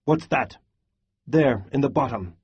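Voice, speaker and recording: Man voicing a scornful soldier, harsh, husky, mocking, slow. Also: mid-range voice, expressive, dull audio. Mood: suspicious.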